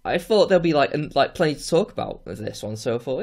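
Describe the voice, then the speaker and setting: A man's voice: a little high, big pitch swings, quick pace, darkish tone. An English man co-hosting a podcast, chatting casually and hesitantly, with many restarts. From Britain. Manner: hesitant, many fillers and restarts, laughs easily. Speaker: podcast co-host. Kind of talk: casual chat.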